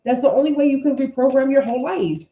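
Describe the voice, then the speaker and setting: A woman's voice: high-pitched, fast, warm tone, slight background noise. Blunt, swearing woman tarot reader. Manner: blunt, profane and emphatic. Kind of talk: casual tarot energy reading. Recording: roomy echo.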